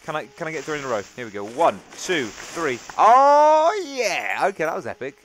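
Excitable man narrating his gameplay. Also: medium pitch, brisk, slight background noise. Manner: excitable, chatty, thinks aloud and talks to viewers. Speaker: let's play gaming host. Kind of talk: gameplay commentary.

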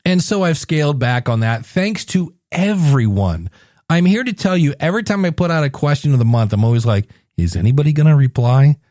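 A man's voice: fairly high pitch, sing-song, a little fast, a little mellow, no echo, clean studio sound. A man hosting his own podcast, chatty and jokey, acting out little scenes as he talks. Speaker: podcast host. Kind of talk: solo podcast talk.

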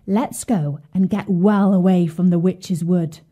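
A woman voicing a young boy in a fairy tale, speaking calmly and plainly. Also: on the low side, measured pace. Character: young boy, calm and practical.

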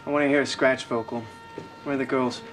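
An actor playing an impatient record producer who gives short, demanding orders. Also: male voice, medium pitch, flat delivery, fast, over music, natural voice. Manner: curt, demanding. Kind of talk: TV movie acting.

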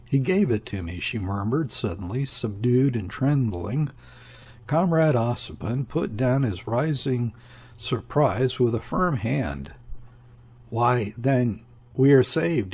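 A man narrating a classic novel in a measured, steady reading. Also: mid-range voice, slightly rough. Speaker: audiobook narrator.

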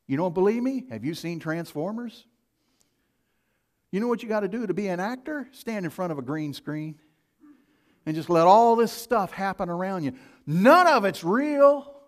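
A male pastor preaching a sermon, with big swings from loud emphasis to hushed asides. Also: high-pitched.

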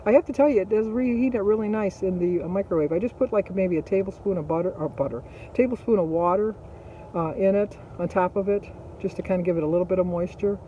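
A man's voice: high voice, quick pace, warm tone, dull audio, a little hiss or hum. A middle-aged man, vlogging and telling a story in a chatty, rambling way full of fillers. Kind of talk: casual storytelling.

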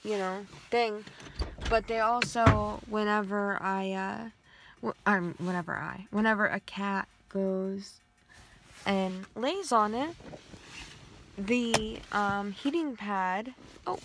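This young woman, a vlogger, takes her time as she rambles through a casual chat indoors at home, joking about herself with many fillers. Her voice is medium in pitch. Noise runs through the home recording.

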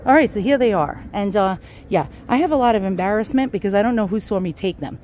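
A woman's voice: mid-range voice, expressive, fast, darkish tone, slight background noise. A woman vlogging casually while out of breath, rambling, laughing and swearing freely. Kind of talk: casual home vlog.

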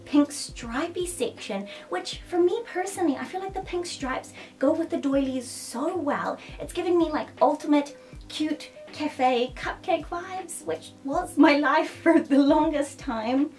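Woman vlogger, high bright voice, breathless and gushing, recorded a little off-mic over faint music. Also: a little slow. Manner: gushing and excitable, with frequent gasps and giggles. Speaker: fashion vlogger. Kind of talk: casual unboxing show-and-tell. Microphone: camera mic a short way off. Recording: slightly distant mic, faint background music.

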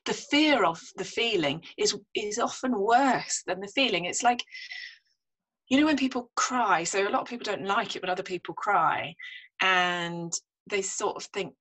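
A woman's voice: mid-range voice, expressive, normal speed, fairly bright tone, slightly rough, rough recording. A middle-aged woman, a psychologist guest on a podcast, talking frankly and casually with a self-deprecating laugh. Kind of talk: casual conversational interview.

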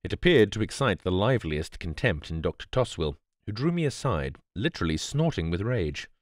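Deep-voiced man reading a bedtime audiobook. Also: big pitch swings, a little fast, dry recording, clean studio sound. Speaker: audiobook narrator. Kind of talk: scripted bedtime audiobook narration.

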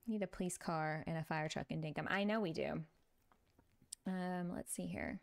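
Streaming a building game for her viewers, this middle-aged woman from Texas talks in a Texan accent with a lowish, vocal-fried voice. She keeps it casual, laughing often as she chats with live chat about the gameplay.

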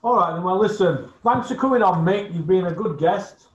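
A man's voice: high-pitched, moderate pace. A man hosting a casual chat show, jokey and chatty. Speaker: host. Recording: echoey dull room sound.

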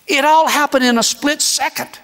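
High-voiced preacher in an echoing hall. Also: male voice. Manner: animated, acts out dialogue, dramatic pauses. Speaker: guest preacher. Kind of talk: sermon storytelling. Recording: echoey hall reverb.

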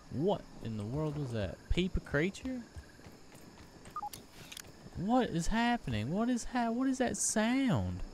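A young man talks through a survival game at a slow, relaxed pace, his pitch sitting in the middle. He jumps and gasps at sudden sounds and chatters to himself between them, with faint game ambience underneath. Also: noisy background. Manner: jumpy, easily startled, talks to himself. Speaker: gaming YouTuber. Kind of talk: let's play commentary.

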